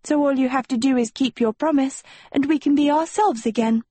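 A woman's voice: brisk, warm tone, no echo, natural voice. Woman voicing a sweetly menacing teenage girl. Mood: coaxing. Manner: high, sing-song and coaxing. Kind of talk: audiobook character voice.

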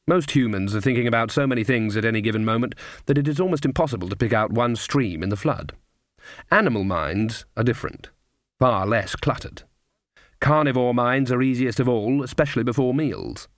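A man narrating an audiobook in a measured, deliberate storytelling manner. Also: medium pitch, dry recording, clean studio sound.

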